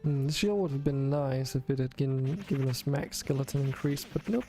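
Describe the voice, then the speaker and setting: A man's voice: medium pitch, steady tone, brisk, dark tone, faint music behind. A man casually talking through his gameplay on a stream, rambling, drowsy and self-correcting as he goes. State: yawning, sleepy.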